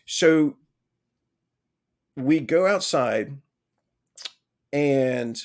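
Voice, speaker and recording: A man on a podcast telling a long anecdote in a casual way, with lively, self-mocking humor and frequent "right?" asides. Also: mid-range voice, very slow. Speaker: podcast guest.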